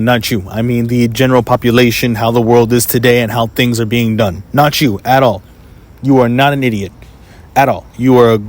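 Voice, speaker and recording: A young man, talking casually to camera in a blunt, swearing monologue full of "you know" fillers. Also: medium pitch. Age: 20s. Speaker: vlogger.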